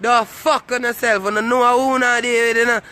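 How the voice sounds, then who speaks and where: Brief: Jamaican man, very high bright voice, swaggering, crude, taunting his online critics. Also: fairly even intonation, normal speed, clear, resonant tone. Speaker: comic vlogger. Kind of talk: boastful comic rant to camera.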